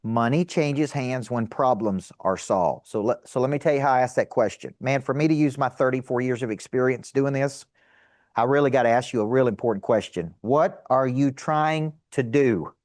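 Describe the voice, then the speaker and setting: A middle-aged man teaching a seminar to a live audience as a sales coach, energetic and emphatic, asking rhetorical questions. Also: mid-range voice, brisk, dry recording, clean studio sound.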